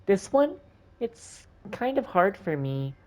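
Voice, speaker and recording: A man's voice: high voice, very animated, slow pace, muffled recording, pitched above the performer's own voice, exaggerated voice. A man voicing a polite, eager young girl who practises piano in a video game. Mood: bright, eager. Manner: chirpy and polite.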